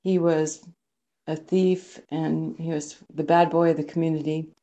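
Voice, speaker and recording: A woman's voice: low voice, little pitch movement, unhurried, mellow. A woman missionary sharing a personal testimony in an interview, telling her story earnestly and acting out the dialogue she quotes. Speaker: missionary guest.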